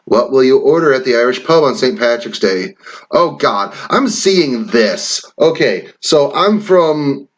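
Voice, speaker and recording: In lo-fi sound, a medium-pitched, animated man from Wisconsin takes his time reading online quiz questions aloud. He riffs on them in casual, rambling commentary for his vlog, swearing occasionally.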